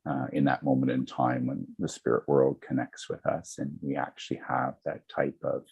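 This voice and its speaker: Very deep husky-voiced man. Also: level tone, moderate pace, darkish tone, dull audio. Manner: earnest, reflective, many fillers. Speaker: psychic medium guest. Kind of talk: conversational guest talk.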